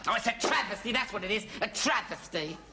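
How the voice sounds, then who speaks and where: A man's voice: high voice, expressive, quick pace, over music. An actor playing a camp, touchy male soldier entertainer with a fussy manner, in 1970s sitcom style. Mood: indignant.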